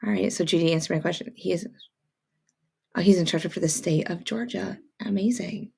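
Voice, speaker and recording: A woman's voice: on the low side, a little fast, vocal fry, a little mellow, breathy edge. A woman hosting a casual sewing livestream, chatting with viewers, greeting them by name, and drifting into rambling asides. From upstate New York, near Montreal. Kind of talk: casual live-stream chat.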